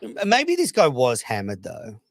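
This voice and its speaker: A man's voice: fairly high pitch, huge pitch swings, a little slow, creaky, dry recording. Rambling man hosting a live show. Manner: rambling, reading tweets aloud with asides. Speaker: podcast host. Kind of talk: casual live show chat.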